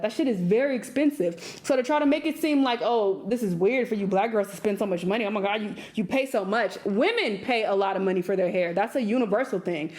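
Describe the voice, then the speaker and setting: A young woman reacting to a clip in a loose, unscripted way, blunt and profane. She laughs easily and slips into mocking voices, her pitch sitting in an ordinary middle range. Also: a little mellow. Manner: blunt, swearing, laughs often, mimics others. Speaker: reaction video host. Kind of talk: casual reaction commentary.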